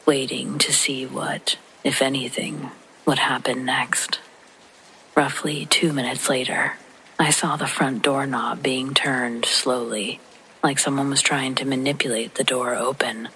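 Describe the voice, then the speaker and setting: Hushed, gravelly storyteller over faint rain. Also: mid-range voice, slight background noise, poor audio. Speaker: narrator of scary stories. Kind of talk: hushed sleep-story narration.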